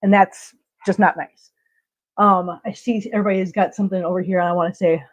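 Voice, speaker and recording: A woman's voice: fairly low pitch, fairly even intonation, fairly quick, rough recording. A woman hosting a live stream, chatting casually and reading out viewer comments, blunt, emotional and repeating herself for emphasis.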